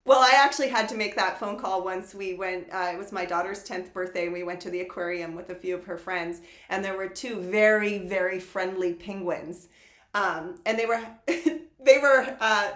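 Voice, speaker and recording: A woman's voice: mid-range voice, a bit bright. A woman hosting a casual interview, frank and jokey, telling funny stories and laughing often. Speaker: host. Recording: roomy echo.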